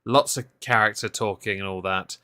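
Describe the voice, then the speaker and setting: A man co-hosting a casual podcast chat, sarcastic and quick to laugh. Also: on the low side, fairly even intonation, sharp tone, dry recording. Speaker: podcast co-host.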